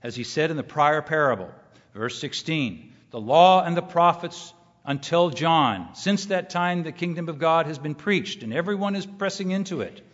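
A middle-aged male preacher with a slightly high voice delivers a sermon with emphasis, circling back on key phrases. His voice rings out in a large reverberant hall. The recording is muffled and dull. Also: expressive, normal speed, a bit bright. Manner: emphatic, repeats key phrases, rises when quoting scripture. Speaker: pastor.

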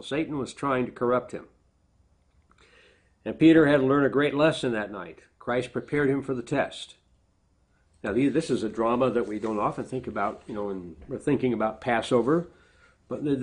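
Preaching a sermon, this pastor speaks at a medium pitch with a breathy edge to his voice. Scripture gets read out with raised emphasis, followed by his plain explanations in a conversational, aside-like way.

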